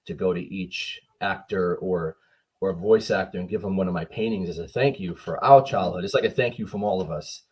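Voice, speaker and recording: A man with a low, husky voice speaks as a guest, his talk earnest and heartfelt. He tells his story at an easy conversational pace, full of feeling. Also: a little fast, rough recording. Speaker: guest, firefighter and art teacher. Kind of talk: casual video-call chat.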